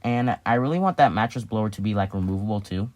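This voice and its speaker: In a casual vlog, a hobbyist man with a lowish voice talks fast as he explains a hobby build. He rambles, restarting and correcting himself while he works on it.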